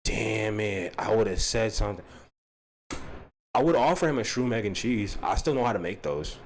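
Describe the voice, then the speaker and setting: Animated New man ranting jokily. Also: fairly low pitch, moderate pace. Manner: rambling, profane, jokey, breaks into laughter. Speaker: YouTuber. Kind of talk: casual joking rant to camera.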